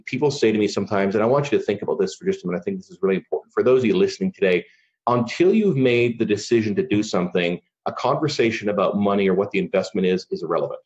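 Deep-voiced man telling his story. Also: lively intonation, rapid-fire, a little mellow. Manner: earnest, many "you know" fillers. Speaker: podcast guest. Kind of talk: casual storytelling. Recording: dull lo-fi recording.

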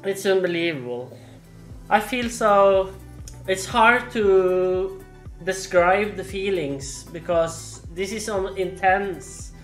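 A woman's voice: mid-range voice, slow. A woman in her late twenties, a gaming YouTuber reacting live to a subscriber milestone, exclaiming, laughing and repeating herself. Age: late 20s. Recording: echoey room with faint music.

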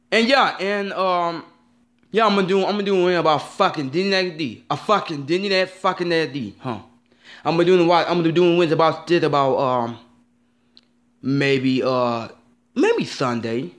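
A man's voice: a little high, fairly bright tone. A man ranting in a vlog, upset and rambling, repeating himself and swearing often. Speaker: vlogger.

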